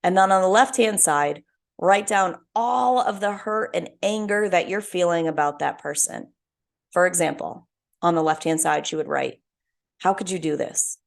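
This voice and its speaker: A young woman talks alone as a podcast host, earnest and heartfelt as she tells a story. Her voice sits a little low and carries a gravelly edge throughout. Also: moderate pace. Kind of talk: reflective solo talk.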